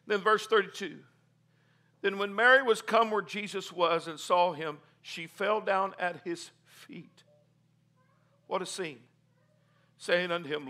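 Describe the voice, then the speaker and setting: Pastor, male, very high and bright tone, fervent preaching that builds. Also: a little slow. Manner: reads scripture then builds to loud, fervent preaching; calls for congregation responses and says amen. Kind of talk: sermon.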